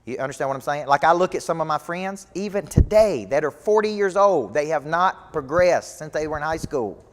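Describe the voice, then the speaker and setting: A man's voice: a little high, lively intonation, a little fast. A man, a business coach giving a motivational speech to a live audience, emphatic and repetitive. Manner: emphatic, repetitive rallying delivery. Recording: long hall reverb.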